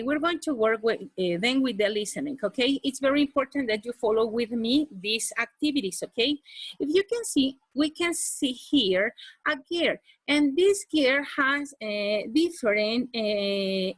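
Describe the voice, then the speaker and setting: A woman's voice: a little high, lively intonation, a little slow, no room sound. Woman teaching English, dry close mic. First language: Spanish. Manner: repeats "okay?" after each point, switches into Spanish. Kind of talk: online class lesson.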